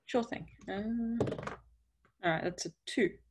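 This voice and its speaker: A woman player in a casual tabletop game, talking in a relaxed, brief way. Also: mid-range voice, slow, slight background noise.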